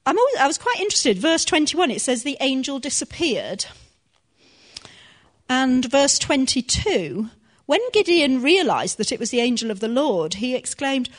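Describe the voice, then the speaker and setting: A woman preaching a sermon to a congregation, teaching earnestly and laughing softly now and then. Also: high-pitched, sing-song, a little slow.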